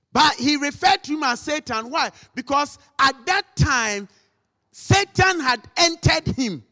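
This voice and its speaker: A man preaching a sermon, dramatic and acting out quotes, sometimes rising to shouts. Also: very high-pitched. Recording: long hall reverb.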